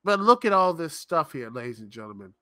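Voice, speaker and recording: A man's voice: a little high, very animated, fairly quick, sharp tone, no echo, clean studio sound. A man hosting a live-stream show, ranting in an exasperated, rambling, sarcastic way. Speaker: podcast host. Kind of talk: live-stream commentary rant.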